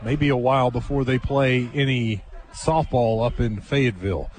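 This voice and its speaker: A man's voice: mid-range voice, fairly even intonation, moderate pace, a little mellow. Male radio sports host, chatty play-by-play, with a faint hiss of noise under the voice. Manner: chatty, conversational, fillers like "uh". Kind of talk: live sports broadcast commentary.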